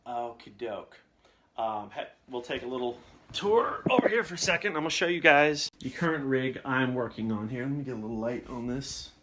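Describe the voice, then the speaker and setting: A young male voice actor hosts a live Q&A stream from his home recording setup, talking into a condenser mic fitted with a reflection shield. His voice is medium in pitch and fairly bright, with lively intonation at a moderate pace, and a little hiss or hum sits underneath. Chatty and jokey, he reads out viewer comments in this casual live-stream chat.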